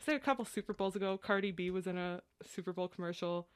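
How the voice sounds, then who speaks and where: A woman's voice: fairly low pitch, fast, clear, resonant tone. A woman talking candidly in a casual podcast chat, swearing freely and laughing often.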